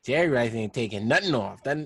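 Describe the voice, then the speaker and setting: Slangy animated man, very dry sound. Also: medium pitch, fast talker, slightly rough, no echo. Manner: slangy, animated, laughs mid-sentence. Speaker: podcast co-host. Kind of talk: casual sports chat.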